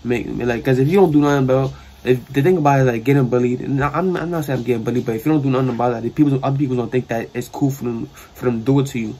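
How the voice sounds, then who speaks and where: This young man talks very fast at a medium pitch, his New York accent clear as he rambles through a slangy story. He's a storyteller vlogger doing a casual storytime in his sister's bedroom, retelling it all animatedly.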